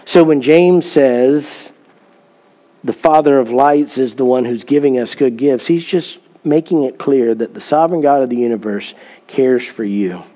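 A man's voice: medium pitch, measured pace, mellow. A middle-aged man, a pastor, preaching a sermon in an earnest storytelling manner, with emphatic scripture reading.

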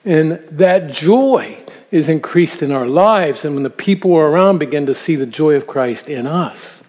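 A man's voice: a little high, lively intonation, measured pace, darkish tone, slightly rough. An older man giving an earnest, story-driven sermon-style talk to grandparents, chuckling at his own asides. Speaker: speaker at a church seminar for grandparents. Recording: long reverb of a large hall.

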